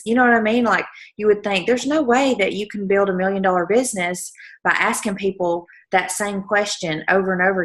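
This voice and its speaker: A woman's voice: mid-range voice, a bit bright. A woman leading a group call, giving an emotional, earnest motivational pep talk to her team. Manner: emotional, earnest, repeating points for emphasis. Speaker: team leader hosting a call.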